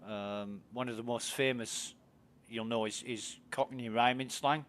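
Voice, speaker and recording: A man's voice: mid-range voice, fairly even intonation, measured pace, fairly bright tone, a little hiss or hum. Chatty British man streaming a game. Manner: chatty, curious, asks questions. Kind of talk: casual chat while gaming.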